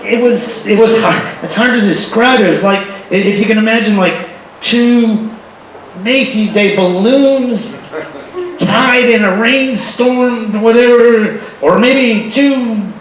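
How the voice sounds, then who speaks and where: A man from Florida telling comic stories on stage in an animated, exaggerated, playful way. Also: high-pitched, slow. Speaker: performer. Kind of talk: stand-up storytelling. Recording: echoey hall from far off with faint noise.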